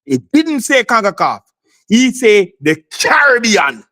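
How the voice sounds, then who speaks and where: Insistent high-pitched man arguing. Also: big pitch swings, unhurried, sharp tone. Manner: insistent, repeats himself, talks over others. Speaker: sports talk panelist. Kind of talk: heated sports debate.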